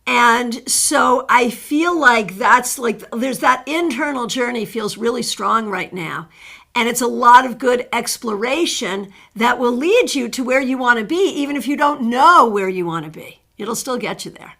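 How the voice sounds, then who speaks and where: Woman, tarot reader, high voice, gravelly edge, chatty live-stream host. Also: expressive, measured pace, sharp tone. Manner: chatty and encouraging, greets viewers by name. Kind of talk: casual live-stream chat reading viewers' cards.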